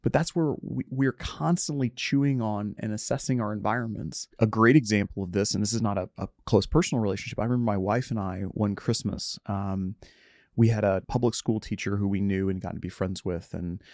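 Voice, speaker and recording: A man's voice: fairly low pitch, brisk, a little mellow, no echo, clean studio sound. A middle-aged man in reflective conversation, earnest and self-searching, often trailing off and restarting his sentences.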